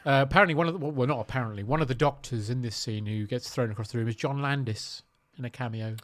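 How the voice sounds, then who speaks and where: A man's voice: medium pitch, fairly bright tone. A man hosting a podcast, chatting casually and dryly about a film, with jokey asides. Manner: dry, jokey, slips into quick impressions. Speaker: podcast host. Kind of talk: casual film-review chat.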